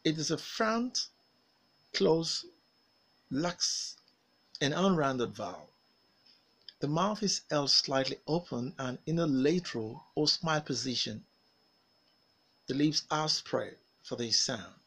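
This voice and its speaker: A man teaching a pronunciation lesson, saying vowel sounds and model words with careful, drawn-out articulation and pausing for learners to repeat after him. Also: on the high side, lively intonation, fairly bright tone, breathy edge. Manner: over-articulated, drilled with pauses for repetition. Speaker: phonics teacher. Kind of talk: slow, deliberate pronunciation lesson.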